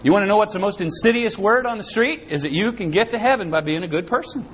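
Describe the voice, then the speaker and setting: A pastor preaching a sermon, swinging between loud, dramatic lines and hushed ones. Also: male voice, sits high, expressive, fast talker. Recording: dull lo-fi with faint hiss.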